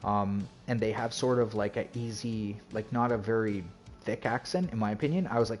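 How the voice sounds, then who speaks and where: A streamer with a lowish, slightly mellow voice chats casually during a game livestream, greeting viewers and rambling at a moderate pace. His talk is full of "like" and "you know," and soft music plays in the background.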